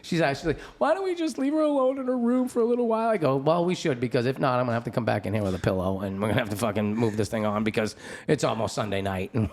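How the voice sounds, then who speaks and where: A middle-aged man hosting a podcast, telling a story in casual chat, swearing often, laughing as he talks and acting out other people's voices. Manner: profane, animated, laughing storyteller; acts out other people's voices with big pitch jumps. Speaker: podcast host.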